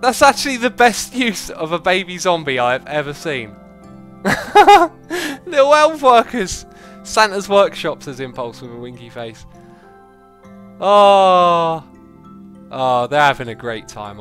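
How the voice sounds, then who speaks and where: A man chatting casually as he streams a game, excitable and quick to laugh. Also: mid-range voice, soft background music. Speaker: livestreaming gamer. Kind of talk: casual gameplay commentary.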